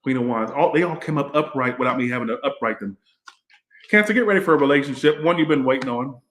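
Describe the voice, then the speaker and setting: A man's voice: mid-range voice, fast, a bit bright. Chatty, rambling man in an echoey room. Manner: rambling, chatty, swears freely. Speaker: tarot reader and livestream host. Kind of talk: casual livestream tarot reading.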